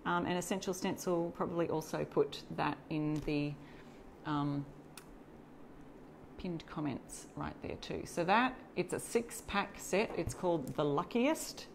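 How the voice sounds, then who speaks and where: Chatty Australian woman, lowish voice. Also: unhurried, gravelly, background noise. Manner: chatty, greets and reads out viewer comments while working. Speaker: DIY crafter hosting a live stencil demo. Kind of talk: casual live tutorial.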